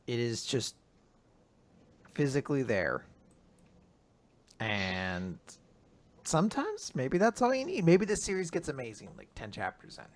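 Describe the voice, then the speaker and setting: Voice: medium pitch, wildly swooping pitch, a little slow, pauses often. A podcast co-host chatting casually, with joking, sarcastic asides. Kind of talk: casual banter.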